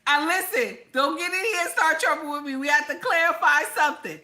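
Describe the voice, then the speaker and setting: Bright high-voiced woman stream host. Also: a little fast. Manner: repetitive, emphatic, chatty with viewers. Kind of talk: casual reaction commentary.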